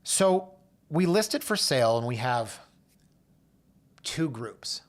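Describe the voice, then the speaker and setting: A man from Canada hosts a real estate show, a realtor casually recounting client stories in monologue form and acting out quoted voices with big pitch jumps.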